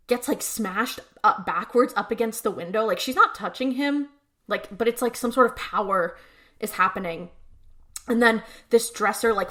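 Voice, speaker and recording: Bright-voiced woman recapping a show. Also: medium pitch. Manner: chatty storyteller, acts out characters' lines. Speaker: podcast co-host. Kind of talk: casual episode recap.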